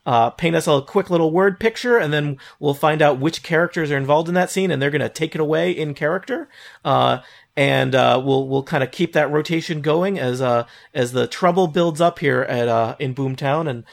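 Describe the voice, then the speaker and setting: A man's voice: fairly high pitch, creaky. A man hosting a tabletop role-play podcast as game master, explaining rules in a chatty way. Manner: chatty, many fillers and restarts.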